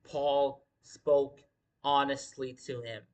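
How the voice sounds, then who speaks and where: A man's voice: medium pitch, level tone, slow, a little mellow, lo-fi sound. A man hosting a wrestling livestream in casual commentary, talking emphatically with lots of swearing and repeating his points. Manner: profane, emphatic, repeats himself.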